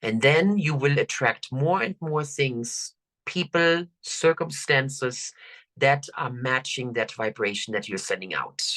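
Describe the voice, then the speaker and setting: An older woman coach, leading listeners through affirmations in a slow, soothing, drawn-out way. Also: rumbling low, lively intonation, fairly bright tone. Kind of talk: guided affirmation talk.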